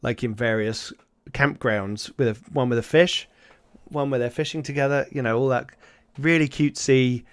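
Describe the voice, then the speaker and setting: A man narrating as game master in a tabletop role-playing session, relaxed and hesitant, with many pauses. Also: medium pitch, clear, resonant tone, no echo.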